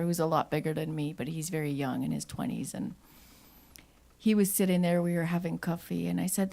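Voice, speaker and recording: A woman at a live open mic, telling a rambling personal story off the cuff and acting out family talk. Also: medium pitch. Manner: rambling, laughs often, acts out family talk. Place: live venue.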